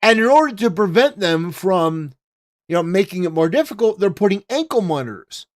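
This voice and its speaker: A man's voice: high voice, very animated, moderate pace. Man, live stream host, casual, profane, ranting, filler-heavy.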